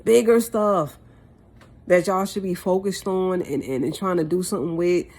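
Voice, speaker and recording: A woman's voice: fairly low pitch, fairly quick, a little mellow. A woman vlogger speaking a heartfelt monologue to the camera, impassioned and repeating phrases for emphasis.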